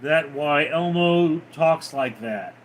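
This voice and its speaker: A man's voice: fairly high pitch, animated, slow. A man hosting a casual livestream, reading viewer comments aloud and answering them with teasing, crude banter. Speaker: livestream host.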